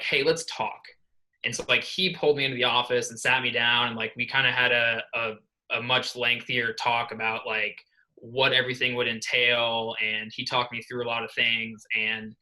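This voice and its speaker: A young man in his twenties tells a long story in a podcast interview. His voice is very bright and sits at a middle pitch. He rambles earnestly through many fillers and restarts. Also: rough recording. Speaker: assistant swim coach.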